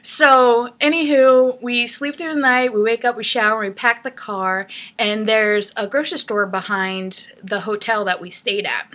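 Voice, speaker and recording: A young woman recounts a road-trip mishap in a chatty vlog, with a bright, forceful voice that sits a little high. She tells it in an animated way and laughs easily along the way. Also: measured pace, hardly any pauses. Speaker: hairstylist telling a travel story. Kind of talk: casual storytelling vlog.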